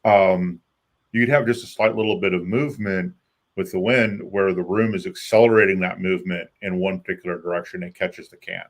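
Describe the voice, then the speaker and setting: A man co-hosts a call-in show in a very deep voice with a gravelly fry. He explains things patiently, with lots of ums and pauses. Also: fairly even intonation. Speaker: co-host.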